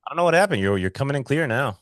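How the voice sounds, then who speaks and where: A man's voice: mid-range voice, expressive, very fast, fairly bright tone, dry recording, studio quality. A young man co-hosting a podcast over a call, earnest and incredulous, repeating himself for emphasis. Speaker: podcast co-host. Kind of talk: casual podcast chat. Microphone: remote call.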